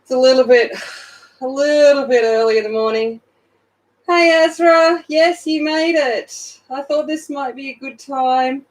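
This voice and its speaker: A woman's voice: high-pitched, measured pace, rough recording. Sleepy Australian woman chatting on a stream. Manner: chatty, greets viewers by name. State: sleepy, just woken up. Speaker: livestream host. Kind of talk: casual chat while colouring. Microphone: phone.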